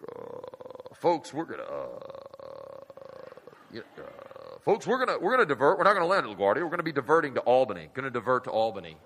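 Man doing a hesitant male pilot on the intercom, bright voice. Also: medium pitch, huge pitch swings, fast talker, a little hiss or hum. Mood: announcing.

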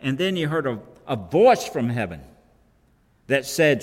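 A man preaching a sermon as pastor, slow and emphatic, quoting scripture. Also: mid-range voice, sing-song. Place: church sanctuary. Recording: long reverb of a large hall.

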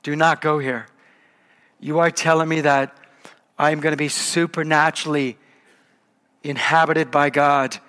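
Frightened teenage girl, anxious and pleading; a man preaching plays her lightly, slightly high. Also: little pitch movement, a little slow, long pauses, sharp tone, smooth.

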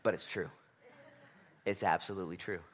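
A man's voice: low-pitched, fairly even intonation, normal speed. A man in his thirties preaching a sermon, conversational and self-deprecating, driving points home by repeating them. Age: 30s. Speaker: pastor.

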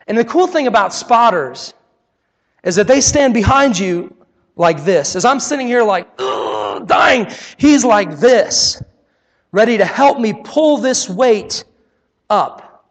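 A young man preaching a sermon, telling a personal story with animated, acted-out scenes. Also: sits high, a little slow, big-room sound.

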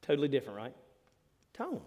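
A man, preaching a sermon as pastor, telling stories with big swings between loud and hushed delivery. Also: medium pitch, huge pitch swings, a little fast, dull audio. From Alabama. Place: church hall. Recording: long hall reverb.

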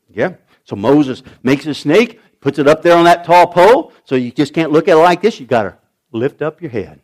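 A middle-aged male pastor delivers a sermon in a high, lively voice that swoops up and down. He tells the story dramatically, breaking into shouted lines when he acts out the characters. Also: moderate pace.

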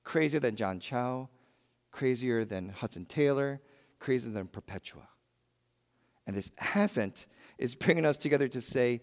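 Man preaching with dramatic loud-soft swings. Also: medium pitch, moderate pace, in a large hall. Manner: dramatic swings from loud emphasis to hushed delivery. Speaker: pastor. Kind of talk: sermon.

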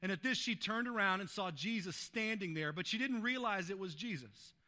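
A man's voice: high voice, moderate pace, pushed and bright. A male pastor preaching a sermon, reading Bible verses aloud and retelling them in his own words. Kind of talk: sermon teaching a Bible passage.

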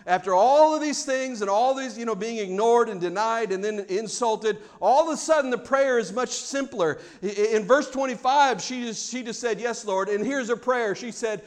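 A male pastor delivers a sermon in a fairly high voice. He swings from loud, mock-formal prayers down to quiet, reflective passages. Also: animated, moderate pace, few pauses.

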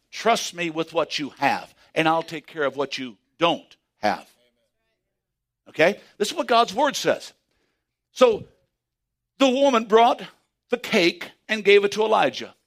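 High-voiced preacher man, fervent and animated. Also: a little slow. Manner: animated preaching with sudden shouts and hushed asides. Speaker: pastor. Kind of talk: sermon.

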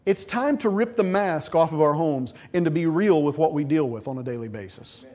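A man preaching a lively sermon who acts out the voices of scripture figures as he tells the story. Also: fairly high pitch, a little fast. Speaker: pastor.

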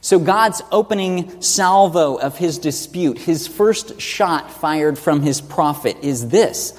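A man's voice: fairly high pitch, expressive, slow, hardly any pauses. A man preaching an expository sermon, teaching earnestly and asking rhetorical questions. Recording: long reverb of a large hall.

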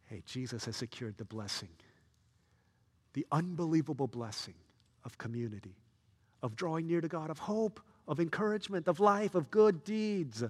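A male pastor preaching a sermon, telling a story with swings between soft, quiet lines and loud, excited ones. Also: fairly high pitch, normal speed, long pauses, breathy edge, big-room sound.

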